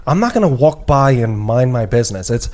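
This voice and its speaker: Calm man, reasoning back steadily. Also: mid-range voice, fairly quick. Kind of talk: casual conversation.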